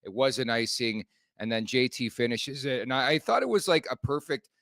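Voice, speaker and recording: A man co-hosting a hockey podcast, recapping the game in an analytical, measured way with "uh" fillers. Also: medium pitch, vocal fry, fairly bright tone, no room sound. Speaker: co-host.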